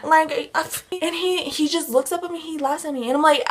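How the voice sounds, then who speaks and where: A young woman tells a personal story straight to camera in a casual vlog. Her voice sits a little higher than most, and she tells it in an animated, rambling way, full of fillers. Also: normal speed. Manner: animated retelling with many filler words. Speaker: vlogger.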